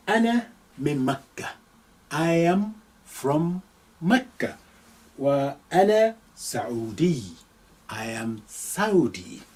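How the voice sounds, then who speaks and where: A man teaching an Arabic lesson, reading phrases slowly and deliberately and repeating each one with its translation. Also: mid-range voice, distant mic, rough recording. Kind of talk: live online language lesson.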